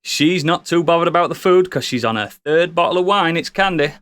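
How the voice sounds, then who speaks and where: A man's voice: a little high, fairly quick, a bit bright, no room sound. Jokey podcast host man, dry sound. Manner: jokey, playful intros. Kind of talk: casual chat.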